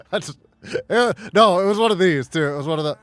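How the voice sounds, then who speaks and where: A male game streamer with a slightly high voice tells rambling stories in casual chatter, swearing freely and breaking into laughter. Faint music plays behind him. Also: a bit bright, no room sound.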